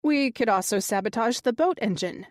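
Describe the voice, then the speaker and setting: A woman's voice: on the high side, lively intonation, normal speed, dry recording, clean studio sound, lightly acted. A woman narrator voicing a sassy, playful young woman with a teasing, upbeat way of talking.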